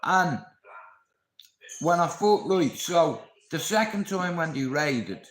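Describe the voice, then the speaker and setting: A man's voice: a little high, takes it slowly, roomy sound, rough recording. A man with a Dublin accent, a live streamer telling his viewers a story in a blunt, casual way, swearing freely. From Ireland. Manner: blunt, heavy swearing, lively retelling.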